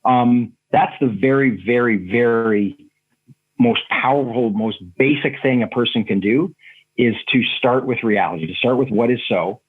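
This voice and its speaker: A man speaks as a podcast guest, in an earnest and reflective way, working through ideas with examples and stories. His voice is husky and a little breathy. It comes through a narrow, tinny remote call line. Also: medium pitch, normal speed. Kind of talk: reflective conversational storytelling.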